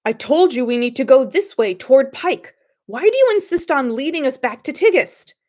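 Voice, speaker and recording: A woman voicing a tall, formidable male soldier who is gruff and bossy, in an audio storybook, speaking in an impatient, growling way. She is slightly sniffly. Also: fairly high pitch, lively intonation, moderate pace, a little mellow. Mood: irritated.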